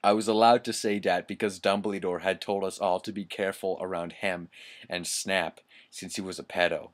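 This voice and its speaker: A man's voice: sits low, flat delivery, moderate pace. A man reading badly written fan fiction aloud for laughs, amused and stumbling over misspelled words. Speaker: reader.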